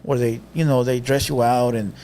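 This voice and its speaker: A man's voice: mid-range voice, normal speed, a loud crowd. A young man, casually telling a story on a podcast and mixing in Spanish slang. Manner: animated storyteller, mixes Spanish slang, acts out quotes.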